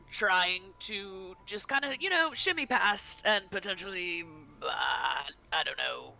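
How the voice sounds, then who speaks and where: High, bright-voiced man playing a tabletop game. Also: vocal fry, rough recording. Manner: hesitant, polite in character. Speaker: player. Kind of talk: tabletop role-play.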